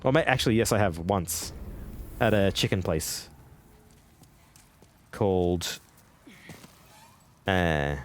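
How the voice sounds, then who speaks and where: An Australian man streaming a game, chatting casually with viewers, rambling, laughing often and swearing freely. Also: fairly low pitch. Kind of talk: casual live-stream chat while gaming.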